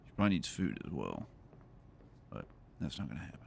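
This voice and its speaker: A man's voice: extremely low pitch, very animated, a little fast, gravelly, a little mellow, a little hiss or hum. A man streaming a game, chatting casually and rambling through jokes and silly voices. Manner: joking, rambling, laughs at own jokes. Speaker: gaming streamer. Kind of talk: casual gameplay commentary.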